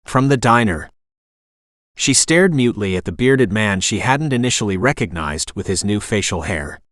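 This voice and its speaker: A man's synthetic voice narrating a thriller audiobook in a smooth, even storytelling manner. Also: fairly low pitch, no echo, studio quality. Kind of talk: scripted narration.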